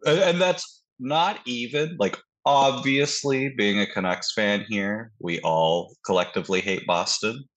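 Husky young man ranting profanely. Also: on the low side, unhurried. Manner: animated, profane ranting with mock quotes. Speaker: podcast co-host. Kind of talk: casual sports chat.

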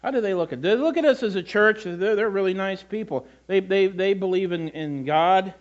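High-voiced chatty male pastor. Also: a little fast, muffled recording. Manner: conversational, self-deprecating asides and repetitions. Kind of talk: sermon.

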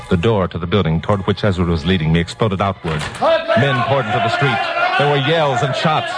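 An actor playing a wisecracking young private eye, narrating hard-boiled in a 1950s radio drama with music underneath. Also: male voice, low voice, lightly acted, poor audio.

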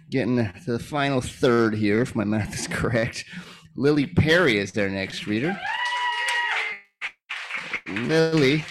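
A man's voice: mid-range voice, slight background noise. A man hosting a live reading, introducing readers in a loose, joking way with casual fillers. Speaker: host of a reading event.

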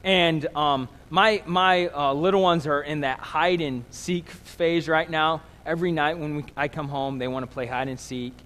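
A man's voice: a little high, fairly even intonation, moderate pace, hardly any pauses, fairly bright tone. A man in his thirties preaching a casual, conversational sermon as a pastor, telling stories with self-deprecating humor. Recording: long hall reverb.

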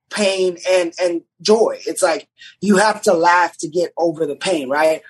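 A man, a TV writer, telling stories on a podcast in an animated, rambling way with many restarts. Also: sits high, breathy edge, low-quality recording. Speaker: TV writer guest. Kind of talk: casual podcast chat.

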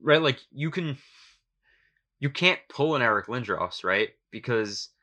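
A man's voice: medium pitch, lively intonation, unhurried, bright, forceful tone. A man co-hosting a sports podcast, giving opinionated, emphatic casual talk with some swearing. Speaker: podcast co-host.

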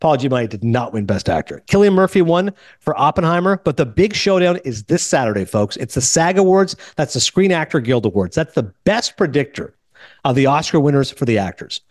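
A man hosting a casual movie podcast, telling stories quickly and acting out the people he quotes. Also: medium pitch, dry recording, clean studio sound. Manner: fast, animated storytelling with quoted voices. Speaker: podcast host.

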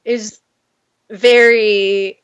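A young woman co-hosting a casual podcast chat, playful and quick to laugh. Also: medium pitch, little pitch movement, clear, resonant tone, dull audio. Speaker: podcast co-host.

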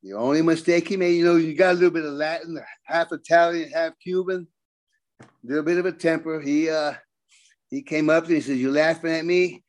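An older man, a guest on a podcast, telling wrestling road stories in casual, animated talk, acting out the quotes. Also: fairly high pitch, brisk. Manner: animated storyteller, acts out quotes. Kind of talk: casual storytelling.

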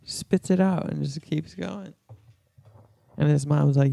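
A man with a raspy, somewhat high voice banters bluntly as a podcast co-host. His swearing is casual, and the recording is close and dead. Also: animated, normal speed, warm tone, no echo. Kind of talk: casual comedic chat.

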